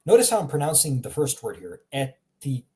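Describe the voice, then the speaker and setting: A man giving a relaxed spoken language lesson, slowing down to model words and chuckling now and then. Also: a little high. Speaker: language teacher.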